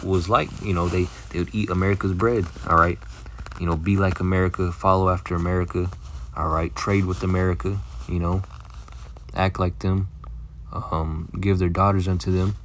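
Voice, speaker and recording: A man giving a casual, blunt Bible lesson, swearing freely and filling every pause with "all right" and "man". He reads scripture slowly and deliberately. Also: sits low, a little hiss or hum. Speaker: Bible teacher.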